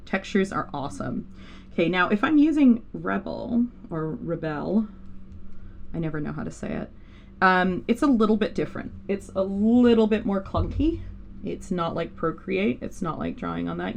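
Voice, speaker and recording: Woman, art teacher, gravelly edge, rambling with fillers, faint hiss behind, livestream. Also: fairly low pitch. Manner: rambling, self-interrupting, with many fillers. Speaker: art instructor. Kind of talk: live digital painting tutorial.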